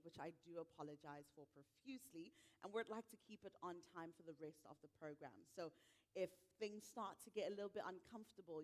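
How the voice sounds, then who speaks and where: A woman's voice: fairly low pitch, darkish tone. A woman hosting a live tech conference on stage, upbeat and speaking directly to the audience.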